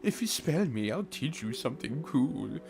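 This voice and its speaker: Man putting on a squeaky, groveling German-accented plant creature, pleading, small and cowardly, game music behind. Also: big pitch swings, normal speed, vocal fry. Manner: pleading, wheedling.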